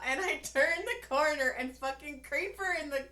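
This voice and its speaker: A woman's voice: high-pitched, moderate pace, bright, forceful tone. A woman in her forties, a podcast co-host, tells a story in casual chat, acting out the voices of the people in it and swearing freely. She sounds tired. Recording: echoey room.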